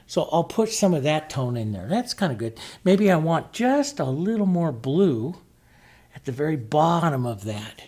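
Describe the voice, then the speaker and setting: A man's voice: fairly high pitch, sing-song, normal speed, darkish tone. A middle-aged man teaching acrylic painting as he works, talking it through in a chatty way and often asking "see?". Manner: chatty, thinks aloud, asks "see?" often. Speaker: painting instructor. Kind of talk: demonstrating while painting.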